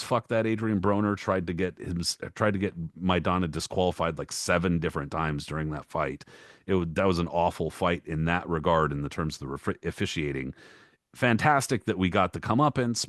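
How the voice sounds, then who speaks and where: Low-voiced man ranting profanely. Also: no room sound, studio quality. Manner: rapid listing with mock-quoted voices. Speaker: podcast co-host, boxing historian. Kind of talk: casual podcast rant.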